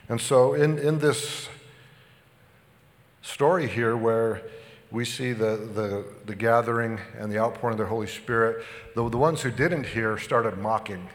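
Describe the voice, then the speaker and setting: Man, pastor preaching, a bit out of breath, loose and halting delivery, church reverb. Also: mid-range voice. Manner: relaxed, halting with many restarts. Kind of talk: sermon.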